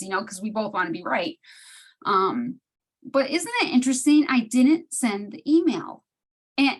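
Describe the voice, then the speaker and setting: A woman's voice: fairly high pitch, poor audio. A woman talking casually on an online study group call, sharing a personal story with many restarts and laughs. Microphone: video call.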